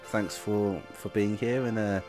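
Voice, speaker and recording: A man's voice: fairly low pitch, steady tone, measured pace, over music. A man hosting a podcast, chatting casually and hesitantly with plenty of ums and restarts. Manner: laid-back, hesitant, lots of ums and restarts. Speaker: podcast host.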